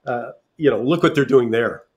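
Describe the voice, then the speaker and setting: A man's voice: medium pitch, moderate pace, a little mellow, muffled recording. A man hosting a radio talk show, chatty and emphatic, thinking aloud as he interviews guests.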